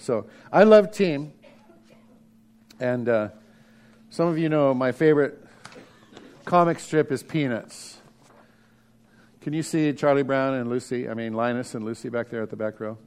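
A middle-aged man preaching a sermon as pastor, lively, sometimes dropping to a hush for emphasis. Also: mid-range voice, normal speed, long pauses.

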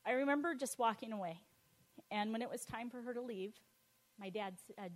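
A woman sharing a personal testimony in a conversational, halting way, with fillers and restarts, dropping to a soft, quiet voice at tender moments. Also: fairly high pitch.

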